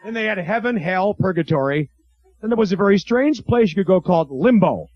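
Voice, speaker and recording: A man performing a stand-up routine in a comedy club, slipping into quick character voices and chatting with the crowd. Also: high voice, lively intonation. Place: comedy club stage with live audience. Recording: dull lo-fi 1980s club tape.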